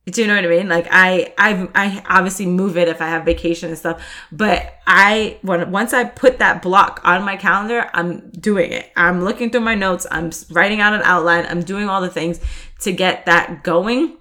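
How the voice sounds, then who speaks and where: A woman's voice: medium pitch, bright, forceful tone. A woman hosting her own podcast, talking casually and rambling, with many fillers and restarts. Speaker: podcast host. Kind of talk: casual solo podcast talk.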